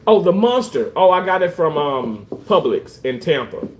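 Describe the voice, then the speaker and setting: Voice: medium pitch, big pitch swings, moderate pace, darkish tone. A livestreamer ranting comically, joking and swearing, with mock-tearful theatrics. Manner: swears freely. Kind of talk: comedic livestream rant. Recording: roomy, distant from the mic.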